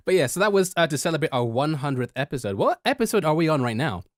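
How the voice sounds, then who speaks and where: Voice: mid-range voice, sing-song, fairly quick, no room sound, clean studio sound. A co-host on a casual gaming podcast, playful and a little hesitant, laughing along.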